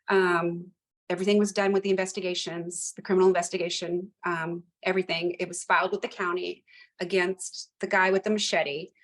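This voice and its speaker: Animated woman telling a work story. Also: fairly low pitch, fairly quick. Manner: animated, emphatic, repeats phrases for effect. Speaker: retired police lieutenant, guest. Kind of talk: conversational storytelling.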